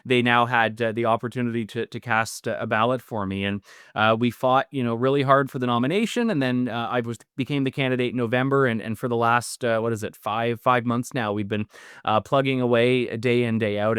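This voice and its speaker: A man's voice: mid-range voice, steady tone, a little fast, fairly bright tone, smooth, no room sound, clean studio sound. A middle-aged Canadian man, a newly elected politician, answering interview questions earnestly with frequent restarts. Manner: earnest, with many restarts and fillers.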